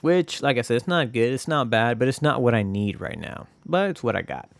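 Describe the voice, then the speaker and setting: A man's voice: medium pitch, animated, fairly quick, vocal fry, dry recording. A man hosting his own podcast, talking in a rambling, casual way with lots of swearing and jokey asides. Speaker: podcast host. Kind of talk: casual solo podcast monologue.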